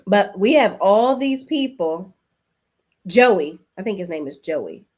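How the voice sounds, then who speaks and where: A woman's voice: medium pitch, slow. Chatty woman recapping soaps to her chat. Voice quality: chatty, animated, talks to chat directly. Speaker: host. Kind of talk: casual live-stream soap opera recap.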